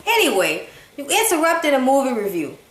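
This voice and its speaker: A woman's voice: high voice, brisk. A woman giving a casual, blunt and profane movie review at home, chatting with a partner. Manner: blunt, profane, animated storytelling. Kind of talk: casual chat. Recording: echoey room.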